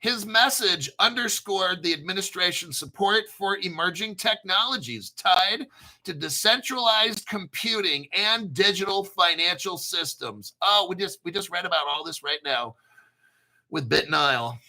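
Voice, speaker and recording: A man's voice: high-pitched, animated, unhurried, sharp tone. An American man hosting a crypto livestream, reading the chat and articles in a hyped, brash, rambling way with some swearing. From United States. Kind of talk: excited livestream commentary.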